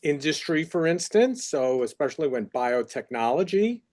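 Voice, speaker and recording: A man's voice: fairly high pitch, very animated, normal speed, a little mellow. A man with a New York accent, a faculty researcher explaining career paths in a chatty, filler-heavy way on a university panel. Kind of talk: panel discussion.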